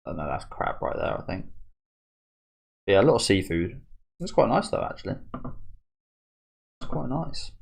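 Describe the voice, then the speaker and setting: Low, gravelly man musing casually. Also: very animated, moderate pace, pauses often. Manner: chatty and musing, restarts phrases, chuckles often. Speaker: manga reaction host. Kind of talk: casual commentary while reading a manga.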